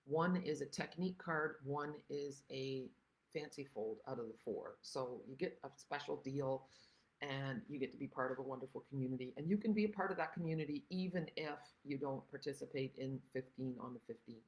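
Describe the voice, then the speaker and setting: A woman's voice: a bass voice, moderate pace, low-quality recording. An older woman chatting casually through a livestream craft tutorial, rambling and greeting viewers by name. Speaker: stamping craft demonstrator.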